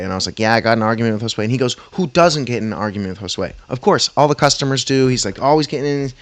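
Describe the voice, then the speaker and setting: A man's voice: mid-range voice, no room sound. Rambling man venting a work story. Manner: rambling, animated, heavy on "like" and "bro". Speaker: vlogger. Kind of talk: casual storytelling.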